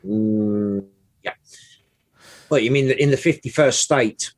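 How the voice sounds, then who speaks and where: A man's voice: medium pitch, slow pace, dry recording. A man co-hosting a casual podcast, making dry sarcastic quips and reading out news. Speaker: podcast co-host. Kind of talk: casual live-stream chat.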